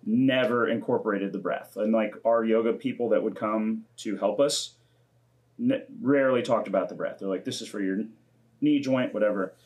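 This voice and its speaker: Here a man in his twenties hosts a podcast at a normal speed, his lowish voice carrying a darkish tone. The chat is relaxed and easygoing, peppered with swearing and acted-out quotes.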